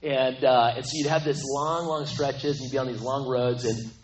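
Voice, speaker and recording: Rambling preacher in an echoey church. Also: male voice, medium pitch, fairly even intonation, moderate pace. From New Mexico, USA. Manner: warm, rambling, repeats words. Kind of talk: sermon. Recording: echoey room.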